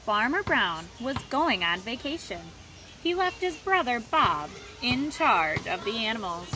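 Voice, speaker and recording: A woman reading picture books aloud to children, expressive and asking listeners questions. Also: a little high, a little slow. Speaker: children's story reader. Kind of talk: picture book read-aloud. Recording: roomy echo, faint background noise.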